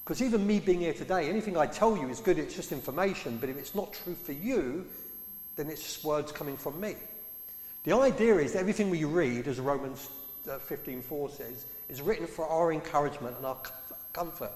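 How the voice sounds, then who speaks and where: A man delivers a sermon in a conversational, questioning style, pitched a little high. His voice carries through a roomy hall with a long reverb tail. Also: a little fast, darkish tone. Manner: conversational, asks the congregation questions. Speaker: preacher. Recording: echoey hall.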